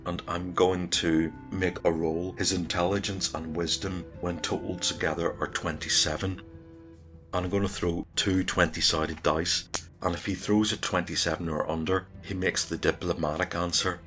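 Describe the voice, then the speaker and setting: A man narrates his solo tabletop game in a relaxed, chatty way. His voice is very low, and soft music plays faintly behind him. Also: moderate pace. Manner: relaxed, conversational storytelling.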